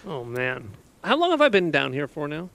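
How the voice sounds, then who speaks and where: Player: man, fairly high voice, hesitant, thinks out loud, dry close sound. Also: wildly swooping pitch, moderate pace, dry recording. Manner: hesitant, thinking aloud with restarts. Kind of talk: casual play at a tabletop game.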